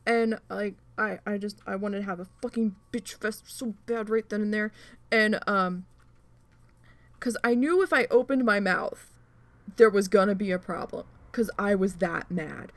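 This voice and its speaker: A woman telling a story in a casual chat while crafting, animated and swearing often. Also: medium pitch, a little slow. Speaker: channel host.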